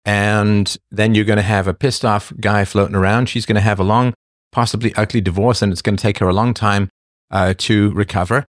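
Hosting a laid-back livestream, a middle-aged man chats, laughs and hands out blunt advice in answer to viewers, often straying off topic. His voice is lowish and steady in tone, fairly quick, recorded dry in clean studio sound.

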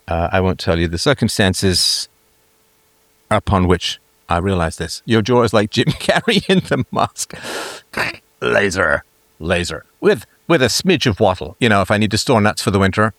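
A man's voice: low-pitched, a bit bright, no room sound. A man hosting a livestream, chatting casually and reading out comments. He rambles with a self-mocking, joking manner. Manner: rambling and self-mocking, with lots of fillers and restarts. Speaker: livestream host.

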